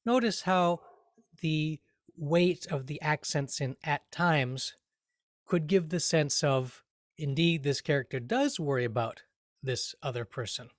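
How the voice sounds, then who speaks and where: A man teaching a grammar lesson, speaking carefully and deliberately, sounding out words to show their rhythm. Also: fairly high pitch, dry recording, studio quality. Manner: slow, careful, deliberate delivery with spoken rhythm examples.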